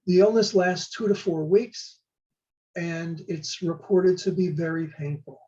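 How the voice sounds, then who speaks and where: An older man, a law and public health professor, giving a measured, prepared explainer talk. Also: high-pitched, fairly even intonation, dark tone, highs cut off. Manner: measured, slow spelling out of terms.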